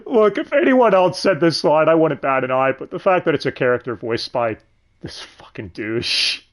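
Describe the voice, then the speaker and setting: A man hosting a casual, profane review of an anime dub, sardonic and quick to laugh. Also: on the high side, expressive. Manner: sardonic, swears freely, laughs often.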